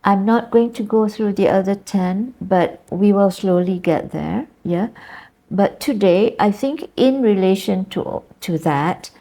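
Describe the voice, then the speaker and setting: A woman's voice: medium pitch, a little slow, mellow. A middle-aged woman lecturer with a Malaysian English accent, teaching pronunciation conversationally and often checking in with "you know" and "yeah?". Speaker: university lecturer.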